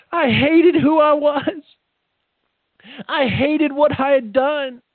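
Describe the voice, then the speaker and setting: A man telling his conversion story as a testimony, fervent and halting, often repeating words. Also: very high voice, no room sound. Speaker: testimony speaker. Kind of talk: emotional personal testimony. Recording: tinny phone-like line, dry.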